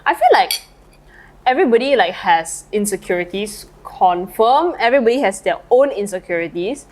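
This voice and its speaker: Speaking at a moderate pace in an expressive mid-range voice, this podcast co-host is heard on a rough recording. She eats lunch and is a little tipsy, rambling through casual chat with lots of fillers.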